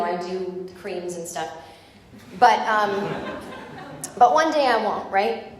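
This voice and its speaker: A woman's voice: mid-range voice, a little hiss or hum. A woman in her forties from the United States doing a rambling, self-deprecating stand-up set on a club stage. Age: 40s. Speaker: stand-up comedian. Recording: very echoey live club recording. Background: audience laughter.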